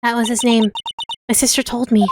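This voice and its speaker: A woman's voice: fairly high pitch, little pitch movement, brisk, noisy background, close to an everyday voice. A woman reading a determined young lawyer. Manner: inner monologue, wry and suspicious.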